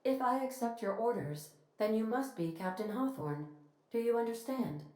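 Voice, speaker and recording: A woman voicing a polite, literal-minded female ship computer in a video game, speaking in a formal, precise, evenly measured way. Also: fairly high pitch, animated, a little mellow, natural voice. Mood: courteous. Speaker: ship's AI. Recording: echoey game audio with faint music.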